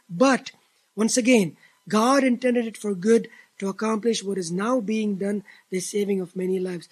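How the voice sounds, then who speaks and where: A man preaching a sermon, reading scripture aloud and explaining it with emphatic restarts and a husky voice. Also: high voice, normal speed, a little mellow, low-quality recording. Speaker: pastor.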